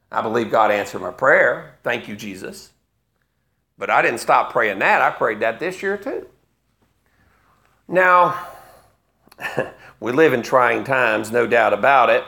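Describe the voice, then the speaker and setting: A man's voice: mid-range voice, very animated, measured pace, pushed and bright. A man in his fifties preaching a sermon, retelling a story with wry asides. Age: 50s.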